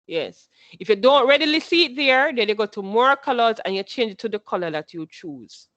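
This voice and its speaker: A woman's voice: on the high side, animated, a little fast, fairly bright tone, no room sound. A woman teaching a class, patient, who repeats her instructions and quizzes her students as she goes.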